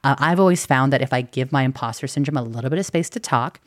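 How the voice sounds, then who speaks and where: A woman's voice: very deep voice, quick pace, no echo, clean studio sound. A woman hosting a podcast, talking candidly and casually, swearing now and then and acting out inner voices. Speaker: podcast host. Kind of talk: casual chat.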